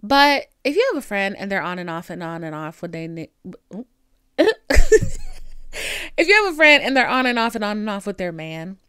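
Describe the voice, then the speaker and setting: A woman with a Southern country accent, hosting a podcast and giving candid advice in an animated, sassy way with lots of emphatic repetition. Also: medium pitch, moderate pace, smooth, no echo. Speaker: podcast host.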